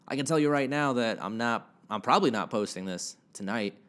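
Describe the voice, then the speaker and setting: A man's voice: mid-range voice, a little fast, fairly bright tone. A young man hosting a casual solo podcast from his house, rambling and joking at himself with casual swearing into a home microwave-close podcast mic. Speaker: podcast host. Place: house alone with his dog. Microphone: home podcast mic, gain turned up.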